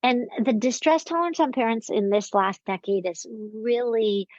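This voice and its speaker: A woman psychiatrist and parenting expert, a guest in a podcast interview, talking in a lively storytelling way. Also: fairly high pitch, moderate pace, no echo. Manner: warm-hearted storytelling, lively, quotes people in acted voices. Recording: dry, slightly dull recording.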